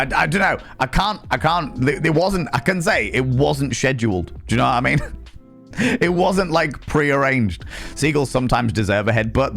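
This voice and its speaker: A young man streaming live, chatting casually with a jokey, profane, rambling manner as he reads chat aloud. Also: mid-range voice.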